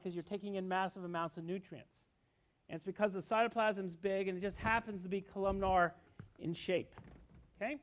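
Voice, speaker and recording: A middle-aged man giving a university biology lecture, explaining step by step and checking in with students. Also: sits high. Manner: explanatory, asks students questions, frequent "okay?". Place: lecture hall.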